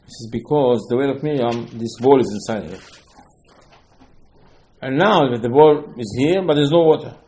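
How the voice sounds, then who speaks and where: Animated man teaching a Torah lesson. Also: mid-range voice, moderate pace, long pauses, rough recording. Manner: storytelling with acted quotes, rhetorical questions, rising emphatic bursts.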